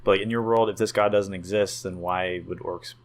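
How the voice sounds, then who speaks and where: A man with a very deep, low voice co-hosts a casual gaming podcast. He muses tentatively and hedges his points with plenty of ums. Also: steady tone, a little fast. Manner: easygoing, tentative, frequent ums and likes. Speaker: podcast co-host. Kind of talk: casual chat about tabletop games.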